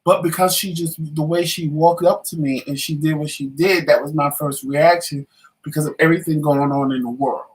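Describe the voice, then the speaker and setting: A man's voice: fairly high pitch, normal speed, low-quality recording. A man co-hosting a casual talk show, telling a story and acting out the voices of the people in it. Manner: animated storyteller, acts out quotes.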